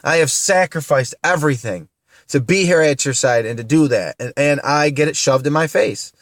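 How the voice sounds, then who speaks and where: A man's voice: fairly high pitch, moderate pace, a bit bright, dry recording, studio quality. Upset man venting, tearful. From upstate New York. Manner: upset, indignant, repeats himself. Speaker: vlogger. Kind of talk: emotional venting to camera.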